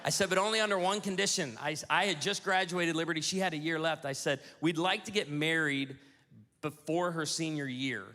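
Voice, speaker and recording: A man in his forties doing a stand-up comedy routine on stage, telling animated stories with quick asides to the audience. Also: fairly high pitch. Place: church hall on stage. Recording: hall reverb with faint audience ambience.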